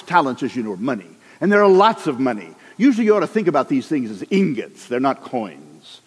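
A man preaching a sermon, animated and acting out the people in his stories. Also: fairly high pitch, slightly rough, long reverb tail. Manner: animated, acts out characters in the stories.

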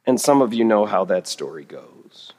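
Speaking in a lowish, slightly mellow voice, a middle-aged man preaches with great animation at a moderate pace. His sermon is built on funny stories where he makes fun of himself, and the hall around him echoes.

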